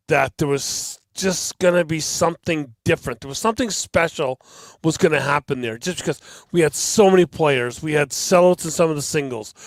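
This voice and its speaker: A man's voice: on the high side, dry recording. A man co-hosting a casual podcast, rambling and often repeating words as he restarts his sentences. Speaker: podcast co-host. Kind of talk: casual chat.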